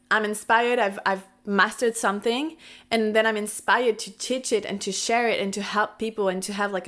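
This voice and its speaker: A woman's voice: medium pitch, fairly bright tone. A woman vlogger whose first language is not English, talking to camera in a candid, rambling, casual way and swearing now and then. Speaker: lifestyle and spirituality vlogger.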